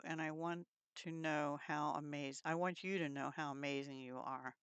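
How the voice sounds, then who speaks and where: A woman hosting a craft video at an unhurried, easy pace, leaning into each piece with warm admiration. Her voice is very clean and clear, recorded dry and close with no room sound. She sits a touch low in pitch for a woman. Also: dry recording. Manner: unhurried, chatty, admiring, with small laughs. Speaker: craft channel host. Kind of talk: casual show-and-tell of craft supplies.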